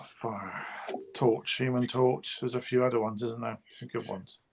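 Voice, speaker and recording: A man with an English accent chatting casually as a co-host, often trailing off softly. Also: mid-range voice, fairly even intonation, measured pace, vocal fry, slightly rough. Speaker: toy show co-host. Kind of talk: casual chat.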